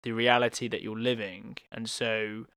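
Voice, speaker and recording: A man from England hosting a podcast, thinking out loud and responding supportively. His voice is mid-pitched and sounds close and dry, with no room echo. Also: little pitch movement, normal speed, smooth. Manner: reflective, supportive, thinks aloud. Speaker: podcast host. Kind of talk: casual interview.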